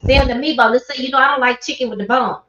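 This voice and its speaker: Animated woman host telling stories. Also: high-pitched, fast. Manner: animated storyteller, mimics people, laughs often. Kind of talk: casual chat. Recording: echoey, dull livestream audio.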